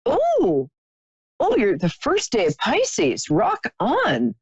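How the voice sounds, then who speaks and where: A woman's voice: on the high side, wildly swooping pitch, takes it slowly, darkish tone, husky, no echo, rough recording. A woman hosting a live stream, chatting sympathetically with a caller as she gives a psychic reading, with many fillers and restarts.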